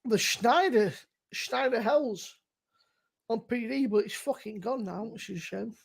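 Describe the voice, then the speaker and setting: A man with a high voice co-hosts a live stream. He banters with a teasing edge and swears constantly as he talks. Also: measured pace, gravelly, husky. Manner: teasing, laughing, heavy swearing. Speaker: co-host.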